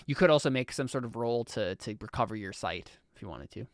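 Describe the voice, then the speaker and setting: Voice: mid-range voice, lively intonation, a little fast, no room sound. Game master for a tabletop game, casual and hesitant, mid-range voice, dry close sound. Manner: casual, hesitant, lots of fillers.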